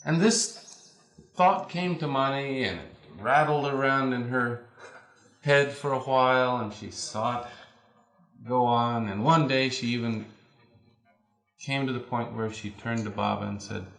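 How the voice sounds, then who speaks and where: A man slowly recounting an anecdote, pausing between phrases, on an archival tape. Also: mid-range voice, creaky, a bit bright. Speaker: storyteller. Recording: archival tape, roomy with faint music.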